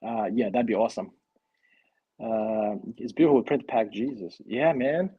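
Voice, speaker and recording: A man hosting a casual live stream, chatting excitedly and thinking aloud while he builds a toy kit. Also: lowish voice, moderate pace, breathy edge, phone-quality sound.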